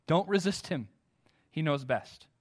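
American guy preaching, kinda high voice, earnest, keeps asking the crowd questions. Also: expressive, a little slow. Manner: earnest, emphatic preaching with direct questions to the congregation. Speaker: pastor. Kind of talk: sermon.

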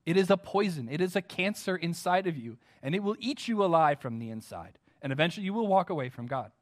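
American guy preaching, kinda high voice, earnest, keeps asking the crowd questions. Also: expressive, fast. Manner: earnest, emphatic preaching with direct questions to the congregation. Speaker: pastor. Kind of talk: sermon.

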